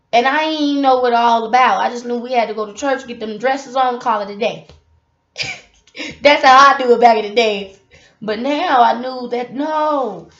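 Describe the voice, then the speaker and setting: Impassioned preachy woman in an echoey room. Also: fairly high pitch. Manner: impassioned, preachy, talks straight to viewers. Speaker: vlogger sharing faith testimony. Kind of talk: casual spoken testimony. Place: apartment room. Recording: roomy, dull lo-fi audio.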